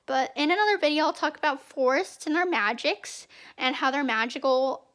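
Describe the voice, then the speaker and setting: A woman's voice: high voice, normal speed, a bit bright. A young woman giving casual, rambling fan commentary as a channel host, chatty and prone to repeating herself.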